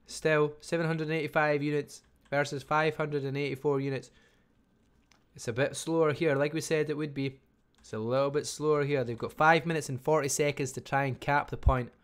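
A Scottish man casting a live online strategy game match, talking fast and chattily and barely stopping for breath. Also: on the high side, steady tone, smooth. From Scotland. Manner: fast, chatty, talks without pausing. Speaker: game caster. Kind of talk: live esports commentary.

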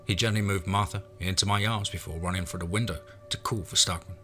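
A man reading a first-person horror story in a measured, low-key way. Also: steady tone, pushed and bright, faint music behind.

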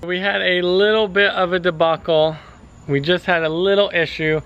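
A man's voice: high-pitched, fairly even intonation, normal speed, a bit bright, clean tone, muffled recording. A man with an American accent chatting casually to the camera in a family vlog while cooking outdoors at a backyard grill. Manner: easygoing, talks straight to camera. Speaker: family vlogger.

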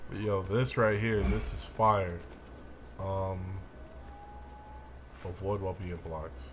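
A man's voice: sits low, fairly even intonation, slow, background noise. A young man giving hyped let's-play commentary, trash-talking and whooping as he plays. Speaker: gameplay commentator.

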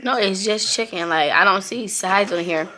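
A woman's voice: mid-range voice, moderate pace, sharp tone, slight background noise. A young woman vlogging in a casual, chatty way, talking straight to her viewers as a mother.

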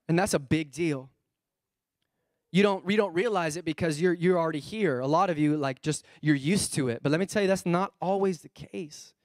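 A man in his thirties preaching a sermon as a pastor, animated, asking the congregation questions and acting out characters' lines. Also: high-pitched, no room sound, clean studio sound. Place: church.

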